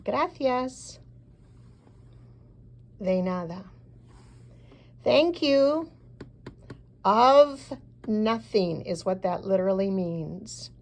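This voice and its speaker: Slow, deliberate woman teaching a class. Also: medium pitch, animated. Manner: slow, deliberate model phrases with pauses for repeating. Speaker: Spanish teacher. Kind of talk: recorded language lesson.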